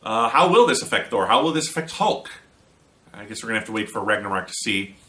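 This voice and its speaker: A man's voice: fairly low pitch, big pitch swings, fast talker, sharp tone. A man giving a casual, opinionated spoken movie review with an American accent and sarcastic asides.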